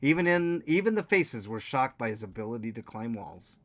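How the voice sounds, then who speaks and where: A man co-hosting a game podcast, playing and narrating the story in a relaxed, dry way. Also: medium pitch, normal speed. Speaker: podcast co-host and player. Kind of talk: casual chat and story narration.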